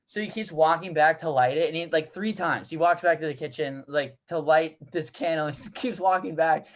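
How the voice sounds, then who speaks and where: A man's voice: a little high, normal speed, a little hiss or hum. A man co-hosting a comedy podcast, rambling through a casual anecdote with lots of restarts. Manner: rambling, restarts, laughs through his stories. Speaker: podcast co-host.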